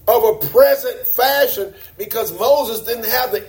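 A man's voice: very high-pitched, unhurried, darkish tone, soft background music. A man preaching a sermon to a congregation in a church, emphatic and repeating words for stress.

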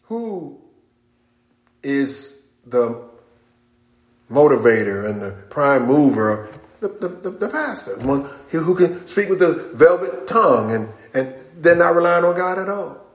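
A middle-aged man preaching a sermon as pastor, emphatic and calling out amens, rising at times to shouts. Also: fairly high pitch, big pitch swings, unhurried. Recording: echoey room.

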